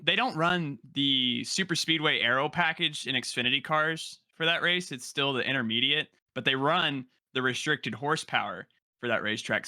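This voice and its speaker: A man's voice: mid-range voice, bright, forceful tone, dry recording, studio quality. A man co-hosting a podcast in casual chat, explaining things with hesitant starts and fillers. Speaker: podcast co-host.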